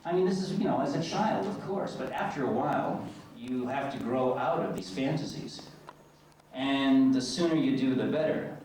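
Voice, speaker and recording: A middle-aged man from the United States, an actor telling stories on stage as a convention guest, lively and self-mocking. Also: medium pitch, moderate pace, a little hiss or hum. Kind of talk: on-stage storytelling. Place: large convention hall. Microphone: distant camcorder in audience. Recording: echoey hall from far off, faint ambience.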